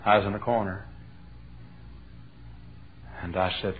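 A man preaching a sermon from his pulpit, telling a story and building to shouted fervor. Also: lowish voice, fairly even intonation, a little slow. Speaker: pastor. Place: church sanctuary. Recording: tinny phone-like old sermon tape.

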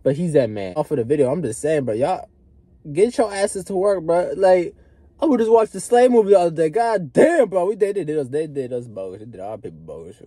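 Animated husky young man ranting. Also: on the high side, fairly quick, no room sound. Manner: loud, profane, swings between shouting and muttering. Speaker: vlogger. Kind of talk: unscripted rant to camera.

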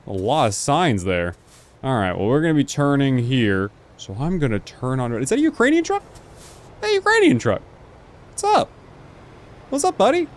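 Animated young man narrating his gameplay. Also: mid-range voice, a little hiss or hum. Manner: animated, talks to other drivers, frequent exclamations and swearing. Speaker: gaming video host. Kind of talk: casual gameplay commentary.

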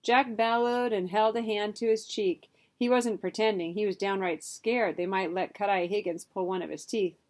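A woman reads a children's adventure novel aloud as narrator. Her delivery is steady and expressive, at a middling pitch. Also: normal speed, hardly any pauses. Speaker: audiobook narrator. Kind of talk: storybook narration.

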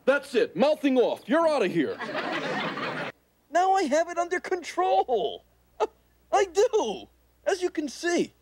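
Brief: cheeky furry alien, very high lively voice, sarcastic quips, hissy old sitcom tape with laugh track. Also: male voice, slow, long pauses, heavily acted. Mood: mocking. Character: wisecracking furry male alien houseguest. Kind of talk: 1980s sitcom acting.

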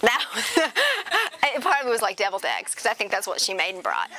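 A woman in her thirties from South Georgia telling personal stories in a lively, chatty lecture to an audience, laughing at her own jokes. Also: fairly high pitch, fairly quick. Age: 30s. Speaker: spiritual speaker. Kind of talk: storytelling lecture.

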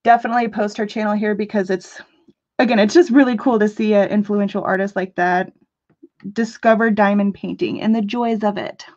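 A woman's voice: medium pitch, steady tone, brisk, a little mellow. A woman hosting a live crafting talk show, chatting casually and goofing around with her viewers. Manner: chatty, goofy, rambling, jokes with chat. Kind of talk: casual live-stream chat. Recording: dull lo-fi stream audio.

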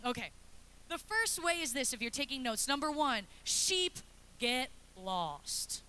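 A woman in her thirties preaching a lively, chatty sermon in a church, acting out little scenes as she goes. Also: high-pitched, fairly quick. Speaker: pastor's wife preaching. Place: church sanctuary.

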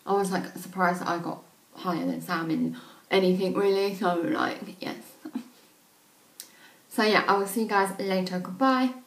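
A woman's voice: mid-range voice, expressive, normal speed, long pauses. A young woman, rambling casually to camera as a beauty vlogger, full of "like" fillers, at home in her bedroom.

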